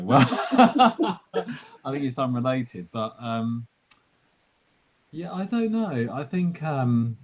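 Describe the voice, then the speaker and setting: A man's voice: medium pitch, a little mellow. A man, a novelist, answering interview questions hesitantly with many fillers, on a video call.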